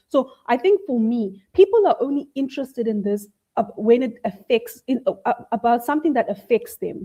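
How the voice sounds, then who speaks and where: Mellow-voiced woman explaining on a panel. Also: fairly high pitch, rough recording. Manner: practical, explaining through everyday questions. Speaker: panel speaker. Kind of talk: conversational panel talk.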